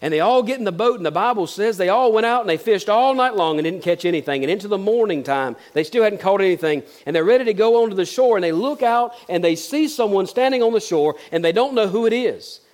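A man preaching a sermon, retelling scripture with dramatic shifts from loud to hushed and some folksy humor. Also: sits high, animated, fast, hardly any pauses. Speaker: pastor.

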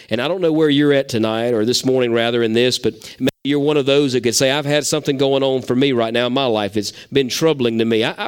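Preacher, middle-aged man, slightly high and smooth, folksy sermon delivery. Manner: folksy storytelling, animated preaching. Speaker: pastor.

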